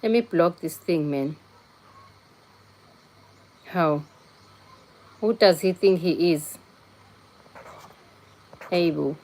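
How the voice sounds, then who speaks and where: Hosting a casual phone livestream, a young woman talks bluntly with her viewers and scolds commenters. Her lowish voice is a little mellow, and she speaks slowly with long pauses.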